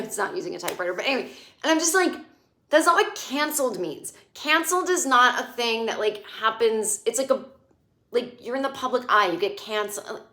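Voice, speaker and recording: A woman host giving a sarcastic, animated recap of a TV episode, mocking the characters as she talks. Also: on the high side, brisk, echoey room. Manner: snarky, animated, quotes characters in mocking voices. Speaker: podcast host.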